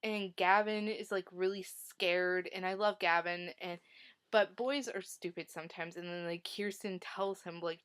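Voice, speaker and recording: A woman's voice: on the low side, fairly even intonation, normal speed, a bit bright. A woman talking casually about a book she read, retelling the plot with lots of "like" and strong feelings about the characters. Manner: chatty, heavy use of "like", emotional retelling. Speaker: book reviewer. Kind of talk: casual book review vlog.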